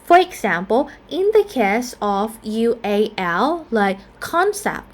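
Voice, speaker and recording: Slow, careful woman teaching pronunciation. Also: on the high side, very animated. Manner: slow and careful, repeats each example word. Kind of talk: explaining a phonetics lesson.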